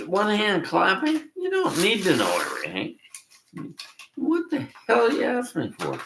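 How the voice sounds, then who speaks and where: A man's voice: fairly high pitch, vocal fry, a bit bright, reverberant, a little hiss or hum. An older Canadian man delivering a blunt, cursing rant, laughing between complaints. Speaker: vlogger. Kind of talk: ranting monologue.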